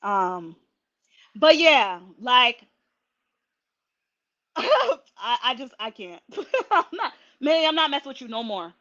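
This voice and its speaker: A woman hosting a casual livestream, chatty and animated, talking straight to her viewers. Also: sits high, slow, long pauses, highs cut off. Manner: chatty, animated, laughing asides. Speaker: livestream host.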